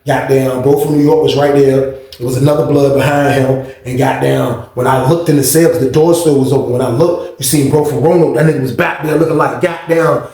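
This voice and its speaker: A man hosting his own channel, telling a prison story in casual, animated slang and repeating points for emphasis. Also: medium pitch, a little fast. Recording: roomy echo.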